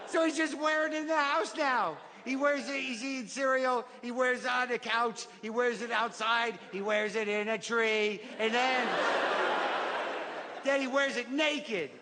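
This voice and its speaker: Comic doing a high, sing-song little kid reading a storybook in a live club with reverb and crowd noise; childish delivery. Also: male voice, fairly even intonation, a little slow. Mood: giddy. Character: small child, giddy, reading a picture book. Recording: live club, echoey hall, audience noise.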